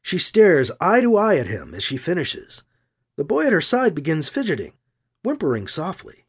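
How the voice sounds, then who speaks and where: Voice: medium pitch, wildly swooping pitch, normal speed, breathy edge. A narrator reading a tense thriller scene in a dramatic storytelling voice. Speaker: audiobook narrator. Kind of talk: scripted narration.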